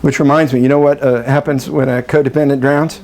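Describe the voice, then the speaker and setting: A middle-aged man giving a live workshop talk to a group, animated and joking, often acting out the voices of the people he quotes. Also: medium pitch, fairly quick, creaky. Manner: animated, acts out quoted voices, jokey asides. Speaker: breathwork workshop presenter.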